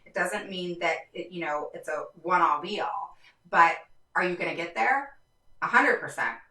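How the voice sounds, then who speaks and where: A woman's voice: on the low side, lively intonation, moderate pace, bright, forceful tone, roomy sound, distant mic, low-quality recording. A woman hosting a live stream for parents, talking passionately and emphatically, her voice going up and down as she gets frustrated. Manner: passionate, voice rising and falling with frustration; repetitive, emphatic, many fillers. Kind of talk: livestream talk to viewers.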